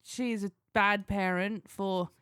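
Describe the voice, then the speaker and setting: A woman co-hosting a podcast in a dry, close-miked sound, blunt and sweary with an exasperated edge. She talks at a middling pitch and keeps a casual, unfiltered tone. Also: steady tone, measured pace, a bit bright, smooth, dry recording. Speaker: co-host.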